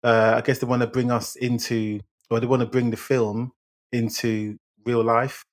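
A man co-hosting a film podcast, giving measured, agreeable opinions and short murmured replies. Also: mid-range voice, level tone. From England. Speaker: podcast co-host. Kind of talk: casual film review chat.

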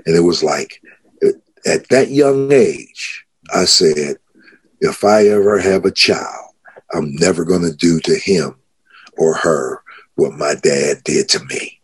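A man's voice: takes it slowly, breathy edge. A man, a pastor, telling the story of his conversion in a podcast interview, getting more and more worked up as he goes. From United States. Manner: grows excited, pitch rising as he retells shouting.

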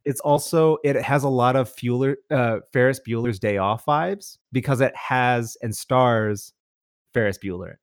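Casual male co-host, mid-pitched, eager and rambling, dry close mic. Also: a little slow, no echo. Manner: rambling and enthusiastic, many restarts and "like"s. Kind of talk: casual chat.

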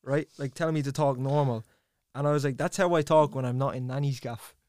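A man with a softened Dublin accent, a podcast guest talking earnestly in a casual chat. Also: medium pitch, steady tone, no room sound, clean studio sound. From Ireland. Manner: earnest, measured, trying to speak neutrally.

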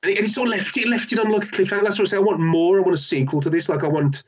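Man, husky voice, casual podcast chat, rambling, restarts a lot. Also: high voice, racing. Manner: rambling, many restarts and fillers, animated.

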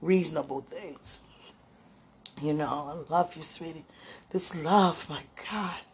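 A woman's voice: deep voice, slow, breathy edge. A woman speaking tenderly to her viewers in an emotional spiritual monologue, as if talking with God.

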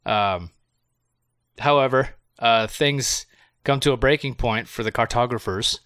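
A man's voice: mid-range voice, unhurried, fairly bright tone, smooth, dry recording, clean studio sound. A man co-hosting a casual movie review podcast, recapping the plot loosely, swearing and laughing often. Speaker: podcast co-host.

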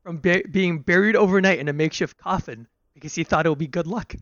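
A man co-hosting a casual podcast chat, reading out facts with halting restarts. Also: high voice, fairly bright tone, dry recording, muffled recording. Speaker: podcast co-host.

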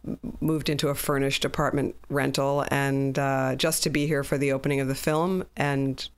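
A woman's voice: extremely low pitch, flat delivery, moderate pace, clean tone. A woman being interviewed as a guest, answering casually and conversationally.

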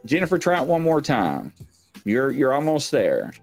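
A man's voice: mid-range voice, wildly swooping pitch, normal speed, vocal fry, darkish tone, faint music behind. A man hosting a live online talk show, chatting casually in a rambling, joking, self-mocking way. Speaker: livestream talk show host. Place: home stream set.

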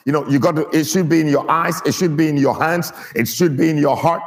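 A man's voice: fairly high pitch, fairly quick, in a large hall, faint music behind. A man preaching a sermon to his church, stressing key words and getting the people to repeat them. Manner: emphatic, draws out key words and gets the congregation to repeat.

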